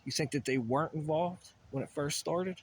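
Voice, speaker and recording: A man's voice: a little high, moderate pace, slight background noise. A man ranting in a rambling solo monologue, profane and agitated, full of asides and restarts. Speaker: vlogger.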